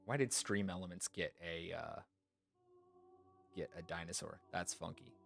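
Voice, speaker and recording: A man's voice: deep voice, steady tone, measured pace, gravelly, fairly bright tone, faint music behind. A man streamer chatting casually and rambling, thinking aloud with fillers, sleepy. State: yawning, sleepy. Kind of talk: casual chat.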